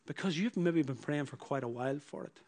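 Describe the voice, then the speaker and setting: A man preaching a sermon, who repeats his phrases and swings from loud emphatic bursts to hushed, low lines. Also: a little fast.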